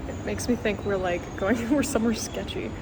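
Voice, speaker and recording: A woman's voice: mid-range voice, steady tone, fairly quick, background noise. A young woman chatting casually through a travel vlog outdoors, bubbly and self-mocking, tired from the heat. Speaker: vlogger. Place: outdoors on city streets. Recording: loud background music.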